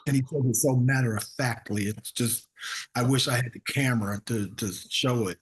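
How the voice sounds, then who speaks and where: A man's voice: mid-range voice, moderate pace. Man telling a comic story. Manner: animated, acts out voices of people in his stories; self-deprecating. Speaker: comedian guest.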